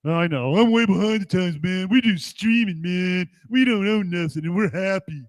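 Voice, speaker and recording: A man's voice: sits high, normal speed, lightly acted. A man mocking a laid-back young streamer dude. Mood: smug.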